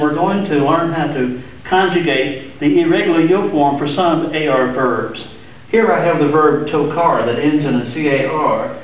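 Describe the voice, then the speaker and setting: A man teaching a Spanish grammar lesson, patiently walking through examples with frequent "uh" fillers. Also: on the high side. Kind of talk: classroom lesson explaining grammar. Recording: echoey room, distant mic, dull sound.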